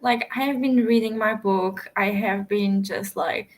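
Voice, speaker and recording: Slow-talking easygoing woman co-host. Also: medium pitch, steady tone, poor audio. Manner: unhurried, easygoing, giggly. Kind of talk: casual chat.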